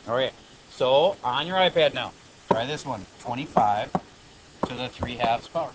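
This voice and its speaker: A man teaching high school math in a classroom lecture, explaining steps plainly and breaking off into joking asides. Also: moderate pace, noisy background.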